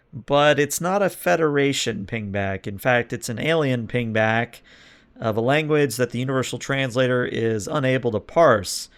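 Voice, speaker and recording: A man narrating as game master of a science fiction tabletop game, in a relaxed, explanatory way. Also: mid-range voice, smooth.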